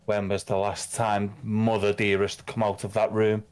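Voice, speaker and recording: A man's voice: fairly low pitch, level tone, normal speed, darkish tone, smooth. A man, playing a tabletop game, blunt and laying out his moves aloud. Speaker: player. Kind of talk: casual tabletop play.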